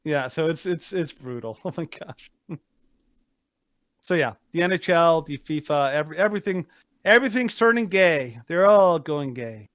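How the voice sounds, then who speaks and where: Male podcast co-host, slightly high pitch, rambling and emphatic, dry booth sound. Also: lively intonation, normal speed, fairly bright tone, no room sound. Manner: rambling, searches for words, emphatic. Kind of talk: casual opinionated chat.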